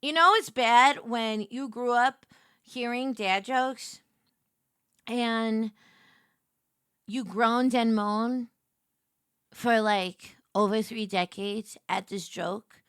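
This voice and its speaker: A woman streamer chatting casually and joking, swinging between loud squeals and quiet murmurs. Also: fairly high pitch, drawn-out words, pauses often, smooth, dry recording, clean studio sound. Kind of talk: casual live-stream chat.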